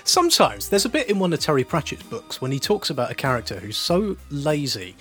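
A man hosting a podcast with dry, teasing, mock-grand phrasing, and his pitch swings widely. Faint music sits behind him. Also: very animated, brisk, fairly bright tone. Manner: wry, teasing, mock-formal. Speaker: podcast co-host. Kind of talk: casual comedic podcast chat.

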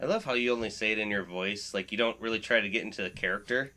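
A man's voice: on the low side, quick pace, sharp tone. A man co-hosting a casual podcast, rambling and swearing as he talks. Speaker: podcast co-host. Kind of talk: casual chat about beer.

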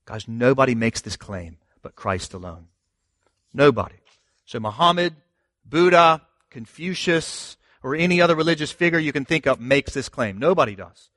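Man, pastor, sermon, conversational, emphatic, rhetorical questions, mid-pitched voice, dry recording. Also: lively intonation, normal speed, fairly bright tone, no echo.

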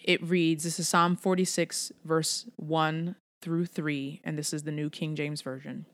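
Young woman, low voice, candid devotional speaker; conversational, slangy, sincere. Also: little pitch movement, unhurried. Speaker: Christian speaker addressing her email list. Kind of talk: informal devotional talk.

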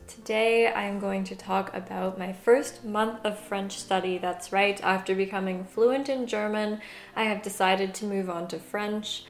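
A young woman from the USA hosting a podcast, giving a clear, measured, scripted monologue. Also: mid-range voice, fairly even intonation, roomy sound. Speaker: podcast host.

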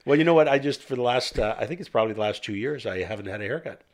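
A man's voice: medium pitch, lively intonation, rapid-fire. A man who is a guest on a podcast, chatting casually in a rambling way and laughing often.

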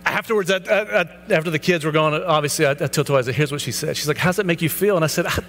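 A pastor in his thirties tells his life story from the pulpit, acting out the conversations as he goes. His voice sits high for a man. The sound carries a long church reverb and a faint hum underneath. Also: fast, a bit bright. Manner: earnest storytelling with quoted dialogue. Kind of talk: personal testimony sermon.

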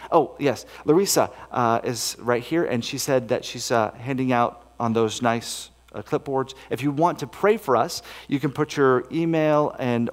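Man, missionary, earnest folksy storyteller, mid-pitched voice, long hall reverb. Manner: earnest, folksy, with many fillers and restarts. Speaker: missionary speaker. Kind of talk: storytelling sermon talk. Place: camp meeting hall.

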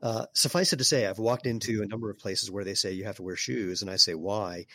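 A man speaking as an interview guest, explaining in a relaxed way with fillers and some throat clearing. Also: fairly low pitch, fast, no echo. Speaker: guest, barefoot sandal maker. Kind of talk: casual conversational interview.

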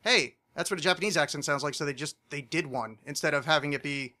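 A man with a nasal American accent, talking in a bright, slightly high voice. He rambles through casual podcast chat, full of fillers and restarts. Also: quick pace. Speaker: podcast co-host.

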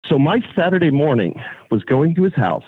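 A man's voice: a little high, big pitch swings, brisk, breathy edge. Man on a tinny phone line. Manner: sincere, nostalgic storyteller. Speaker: caller. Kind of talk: phone-in storytelling. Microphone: telephone.

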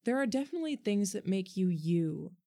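A woman voicing a gentle, earnest boy who speaks firmly and thoughtfully in a storybook reading. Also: mid-range voice, sing-song, a little fast. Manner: gentle but firm, earnest.

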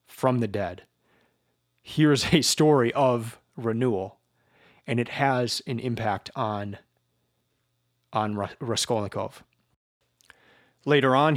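A male teacher talks through a novel in a slow, reflective way, often stumbling and repeating words. His voice sits at a medium pitch. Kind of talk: informal book lecture.

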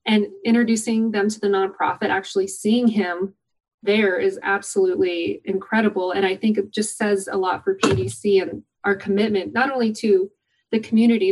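A woman's voice: mid-range voice, darkish tone, poor audio. A woman guest in an interview, talking with enthusiasm about the volunteer program she organizes and telling stories from it. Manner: enthusiastic, upbeat storytelling. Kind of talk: conversational interview answers.

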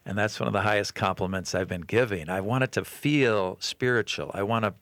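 A man's voice: fairly low pitch, fairly quick, no room sound. A man with an Upper Midwest American accent, a radio guest talking earnestly and animatedly in a casual interview. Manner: earnest and animated, often quoting others. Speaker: guest comedian and consultant.

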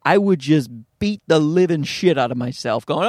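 Male stand-up comic, solo podcast host, slightly high voice, rambling and self-mocking, dry close studio mic. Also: normal speed, hardly any pauses, a little mellow, no echo. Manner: rambling and self-deprecating, slipping into mock voices. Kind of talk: casual solo podcast monologue. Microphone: studio mic through a field recorder.

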